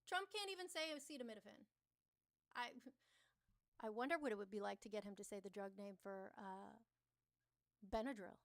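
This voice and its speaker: A woman's voice: mid-range voice, normal speed, long pauses. A woman hosting a casual livestream, chatting and teasing her viewers, answering chat aloud and swearing casually. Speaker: livestream host.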